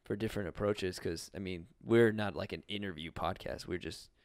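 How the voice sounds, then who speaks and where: A man's voice: sits low, brisk, dry recording, studio quality. A man co-hosting a casual podcast, rambling and swearing freely, with lots of "like" fillers. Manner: rambling, cursing, heavy on "like". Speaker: podcast co-host. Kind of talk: casual chat. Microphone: webcam.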